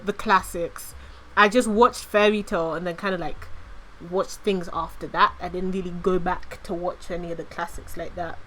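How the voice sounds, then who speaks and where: Woman, VTuber streamer, rambly and giggly, casual swearing, bright crisp tone, chatty livestream delivery. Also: medium pitch, slight background noise.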